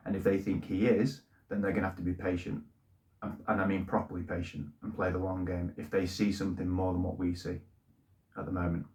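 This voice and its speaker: A man's voice: deep voice, level tone, a little fast, a little mellow. A middle-aged man, talking plainly about his football club in a casual monologue, often repeating words as he goes. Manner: plain-spoken, repeats words when emotional. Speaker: football fan channel host. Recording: echoey room.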